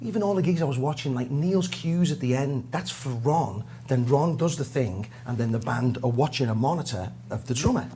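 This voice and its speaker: Animated Liverpool man telling a story. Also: mid-range voice, a little fast, hardly any pauses, slight background noise. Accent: Liverpool English. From Liverpool, England. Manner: animated, self-mocking, laughing storyteller. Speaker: guest drummer. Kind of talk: storytelling interview.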